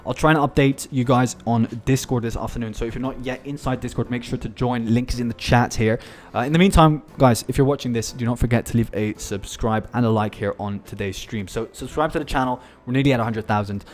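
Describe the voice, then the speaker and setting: A man's voice: medium pitch, a little fast, hardly any pauses. A man hosting a live trading stream, chatting casually and addressing viewers as guys.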